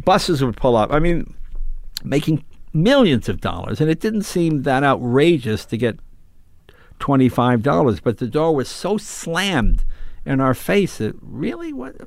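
A man's voice: a little high, unhurried, gravelly, no echo, studio quality. An older man, a comedian, chatting casually and telling anecdotes, acting out the people in them. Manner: animated, acts out voices in anecdotes. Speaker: comedian guest. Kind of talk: casual chat, storytelling.

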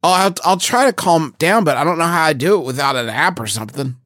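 A man's voice: a little high, expressive, fast talker, fairly bright tone, dry recording, clean studio sound. A man co-hosting a comedy podcast, enthusiastic and jokey while he reads an ad.

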